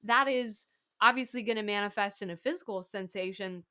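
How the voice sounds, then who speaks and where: A woman hosting a casual podcast interview, asking thoughtful, curious questions with a relaxed, searching manner. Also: medium pitch, brisk. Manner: thoughtful, curious, many "like" and "you know" fillers. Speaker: podcast host.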